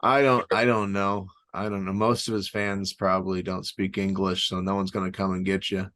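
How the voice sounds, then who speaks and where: A young man from the Chicago area talks in a somewhat low voice. He co-hosts a podcast in a loose, rambling way and slips in deadpan, ironic jokes. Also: normal speed. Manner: joking, rambling, deadpan irony. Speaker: podcast co-host. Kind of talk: casual chat.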